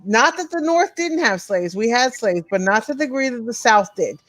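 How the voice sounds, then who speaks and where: A woman's voice: on the high side, expressive, normal speed, a bit bright. A woman co-hosting a podcast, arguing in a heated casual debate with impassioned, profane ranting. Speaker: podcast co-host.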